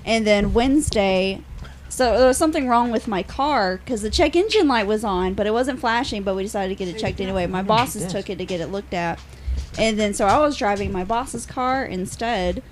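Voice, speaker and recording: A woman's voice: mid-range voice, normal speed, slight background noise. A young woman chatting casually on a podcast, telling a story bluntly and swearing freely at home. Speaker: podcast guest. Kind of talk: casual chat.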